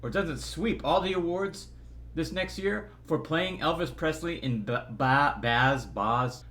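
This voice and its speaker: Reviewing a movie casually from a hotel room, a Southern Californian man with a slightly high, fairly bright voice takes his time. The review is rambling and jokey; he trips over his words and drifts into impressions.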